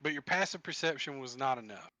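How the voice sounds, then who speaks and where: A man narrating as game master for a tabletop game, describing scenes haltingly with many fillers. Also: medium pitch, lively intonation, pushed and bright, no room sound, poor audio.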